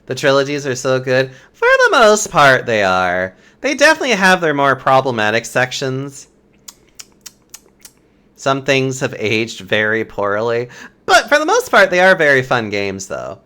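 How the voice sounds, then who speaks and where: A game streamer chatting casually during a let's-play, in a giggly, animated manner. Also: mid-range voice, a little slow, noisy background. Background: game music.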